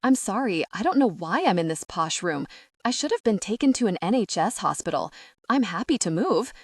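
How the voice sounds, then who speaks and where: A woman's voice: medium pitch, sing-song, no room sound, clean studio sound. A British woman voicing a panicky, incredulous young woman of twenty-eight who has lost her memory. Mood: flustered. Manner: panicky, incredulous, quick bursts.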